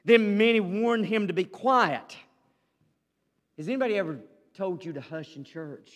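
High-voiced preacher in a reverberant church. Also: male voice. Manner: reads scripture slowly, then preaches with rising fervor. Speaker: pastor. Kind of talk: sermon.

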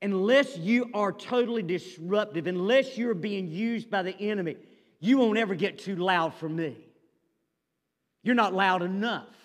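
A male pastor preaching a sermon, reading scripture slowly and then pressing his points with rising fervor. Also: sits high, long reverb tail.

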